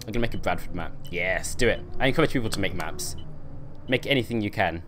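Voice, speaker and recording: A man's voice: fairly low pitch, fast talker, fairly bright tone, a little hiss or hum. A young man chatting on a live stream while playing a game, reading and answering his chat and laughing often.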